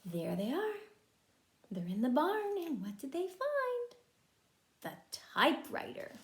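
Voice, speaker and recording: A woman teaching preschool, reading a picture book aloud to young children in an animated way and asking them questions as she goes. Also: high-pitched, slow, roomy sound.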